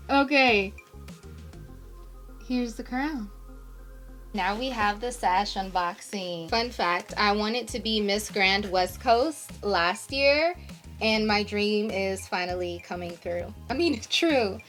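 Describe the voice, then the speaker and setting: Bright, excitable young woman vlogger. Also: mid-range voice, takes it slowly, soft background music. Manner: excitable, gushing and emotional. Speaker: pageant titleholder vlogger. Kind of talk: casual unboxing vlog.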